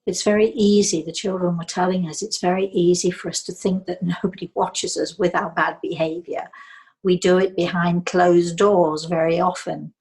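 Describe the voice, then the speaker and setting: An older woman from England, a psychic medium telling a story in a soft, slow way that dips into near whispers. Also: fairly low pitch, level tone, breathy edge, rough recording.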